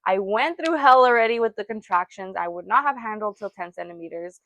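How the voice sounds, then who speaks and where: A woman's voice: mid-range voice, animated, fairly quick, a bit bright, no echo, highs cut off. A young woman co-hosting a casual podcast chat, telling a personal story with frequent laughter and quoted voices. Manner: chatty, laughs often, acts out quotes. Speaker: podcast co-host.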